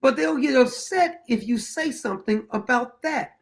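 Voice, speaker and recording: Male show host, high voice with heavy fry, blunt and combative commentary, rhetorical jabs. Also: lively intonation, moderate pace. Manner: dry chuckles between points. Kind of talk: opinion commentary monologue.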